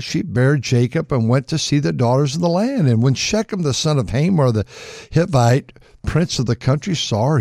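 An older man, a pastor, preaching a folksy sermon with frequent restarts, acting out quoted voices in a higher pitch. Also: a little mellow, no room sound, clean studio sound.

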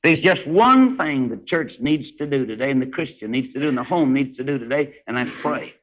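A man preaching a revival sermon, swinging between hushed storytelling and high, shouted exclamations. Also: animated, a little fast, a little hiss or hum. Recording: dull lo-fi old sermon recording.

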